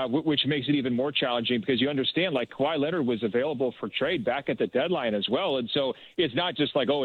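A man's voice: medium pitch, no room sound. Man talking over a tinny phone line. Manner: hesitant, many fillers and restarts. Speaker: sports writer guest. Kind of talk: phone-in radio interview.

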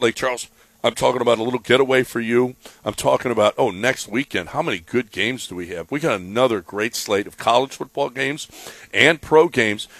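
A man hosting sports radio, reading a live sponsor spot with eager repetition. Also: no room sound. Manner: enthusiastic, repetitive pitch.

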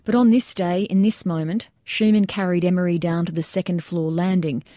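A woman reading a scripted nonfiction account in a measured, plain storytelling manner. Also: lowish voice, steady tone, mellow, no room sound, clean studio sound. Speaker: narrator.

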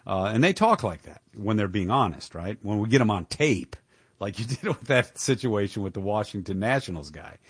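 A man's voice: on the low side, sing-song, moderate pace, slightly rough, no room sound, studio quality. A man hosting a political talk radio show, speaking in an indignant, emphatic way with occasional chuckles.

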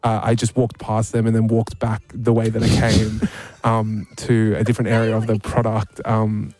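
A man on a radio show, recounting an event in a halting way, full of ums and restarts, often laughing at himself. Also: lowish voice, completely flat delivery, a little mellow, no room sound. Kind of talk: casual chat.

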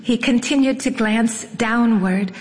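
A woman narrating a first-person memoir in a wry, unhurried storytelling manner. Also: a little high. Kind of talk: audiobook memoir reading. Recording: long reverb.

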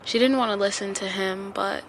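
A woman's voice: medium pitch, steady tone, moderate pace, slight background noise. A woman narrating a personal story in a reflective way while standing outdoors on a house porch.

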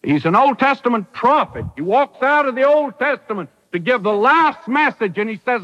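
Lively, high-pitched old-time radio preacher. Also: male voice, moderate pace, long reverb tail, rough recording. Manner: folksy, emphatic preaching with dramatic quoted voices. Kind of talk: radio sermon.

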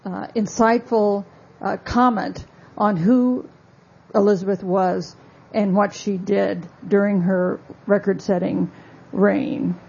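A woman author giving a talk about her book, telling stories in a measured, wry way with asides. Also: medium pitch, gravelly, a little mellow, slightly rough, lo-fi sound. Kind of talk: lecture-style talk.

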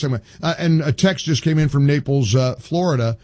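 An older man hosting a talk radio show, speaking in an animated, emphatic way and often repeating himself. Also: a little high, a little fast, hardly any pauses, dry recording.

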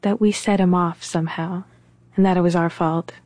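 A woman's voice: fairly low pitch, fairly even intonation, moderate pace, darkish tone, no echo. A woman being interviewed about her family, telling her story in a matter-of-fact way. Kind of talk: personal storytelling.

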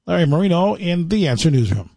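A man's voice: a little high, sing-song, quick pace, gravelly, warm tone, no echo, clean studio sound. A man reading a radio newscast in a neutral news delivery. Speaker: news reader.

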